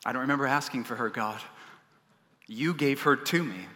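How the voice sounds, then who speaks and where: A man's voice: medium pitch, moderate pace, pushed and bright, in a large hall, natural voice. A man voicing the first man of the Bible story, indignant and complaining as he shifts the blame onto others.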